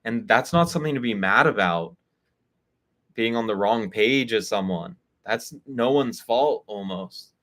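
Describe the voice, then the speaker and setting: A man's voice: lowish voice, animated, unhurried, fairly bright tone. Candid man giving advice on a call. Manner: candid, conversational, acts out quoted dialogue. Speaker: spiritual reader and community host. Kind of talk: live online call, casual advice talk. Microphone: video call.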